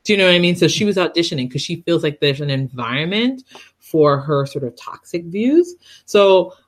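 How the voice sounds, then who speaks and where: A woman's voice: on the low side, lively intonation, moderate pace. A woman co-hosting a podcast, talking in a thoughtful, hedging way with easy laughter. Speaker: podcast co-host. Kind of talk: casual chat.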